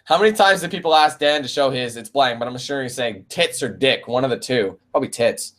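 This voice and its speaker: A man's voice: mid-range voice, fairly quick, fairly bright tone. Laid-back Canadian streamer guy. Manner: laid-back and profane, calls viewers man and bro. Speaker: gaming streamer answering viewer questions. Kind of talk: casual live-stream Q&A.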